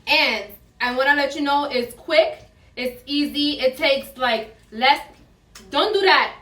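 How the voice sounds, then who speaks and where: High, bright, teasing woman co-host. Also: slow, far from the mic. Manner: teasing, chatty, needling. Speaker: cooking show co-host. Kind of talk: casual banter. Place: home kitchen. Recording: roomy room from afar.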